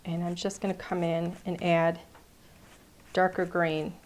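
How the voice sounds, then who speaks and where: A woman's voice: lowish voice, level tone, measured pace. A woman hosting a live cardmaking class, chatting playfully as she narrates each step of her work. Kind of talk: live crafting demonstration.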